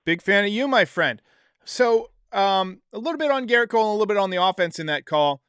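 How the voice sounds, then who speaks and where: A man's voice: high voice, lively intonation, brisk, a bit bright, smooth, no echo, clean studio sound. A man hosting a casual sports podcast, chatting and reading viewer comments aloud. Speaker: podcast host. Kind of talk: casual live-stream talk.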